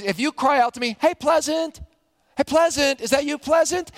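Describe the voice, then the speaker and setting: A middle-aged man, a pastor preaching a sermon, animated, acting out the quotes he reads. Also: extremely high pitch, clear, resonant tone, dry recording, studio quality.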